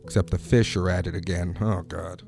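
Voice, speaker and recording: A man's voice: low-pitched, fairly even intonation, moderate pace, vocal fry, a little mellow, faint music behind. A man rambling through a comic monologue, digressing wryly and asking the listener questions.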